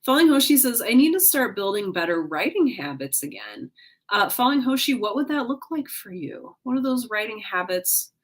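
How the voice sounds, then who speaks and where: A tired woman with a mid-range voice and big pitch swings hosts a casual livestream from home at a normal speed. Between yawns she reads viewers' comments aloud and cheers them on, drowsy but upbeat and encouraging.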